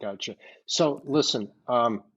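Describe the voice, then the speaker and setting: A man's voice: mid-range voice, takes it slowly, fairly bright tone, husky, lo-fi sound. A middle-aged man guesting on a podcast, talking bluntly with swearing and laughter. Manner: blunt and profane, self-deprecating, laughs while talking. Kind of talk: casual podcast chat.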